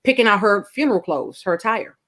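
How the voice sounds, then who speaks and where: Middle-aged woman, rapid delivery, blunt and profane, emotional storyteller, casual chat. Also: mid-range voice, lively intonation, fairly bright tone. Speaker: podcast guest co-host.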